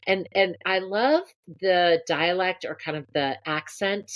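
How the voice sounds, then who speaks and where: A woman's voice: fairly low pitch, unhurried, highs cut off. A woman co-hosting a podcast, chatting casually and telling a story with gushing enthusiasm. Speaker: podcast co-host. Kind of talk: casual chat.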